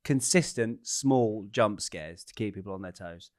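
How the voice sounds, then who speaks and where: A man's voice: lowish voice, measured pace, darkish tone, no echo, studio quality. A man co-hosting a comedy podcast, riffing absurd ideas in an earnest way. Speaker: podcast co-host. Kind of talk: casual comedic chat.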